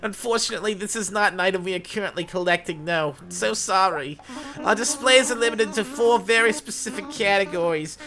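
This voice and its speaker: A man's voice: high-pitched, fairly quick, sharp tone, pitched above the performer's own voice. A man putting on a fussy, hooting old owl curator. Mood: prim. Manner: over-formal, apologetic, hooting. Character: prim, fussy old male museum owl, sleepy and polite.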